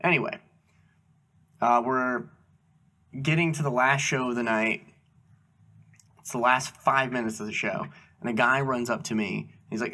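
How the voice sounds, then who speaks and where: A male comedy podcaster spins a customer-service story, slipping into the voices of the people in it. His voice is bright and sits at an ordinary pitch. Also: measured pace, long pauses. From USA. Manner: animated storyteller acting out dialogue. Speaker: podcast co-host.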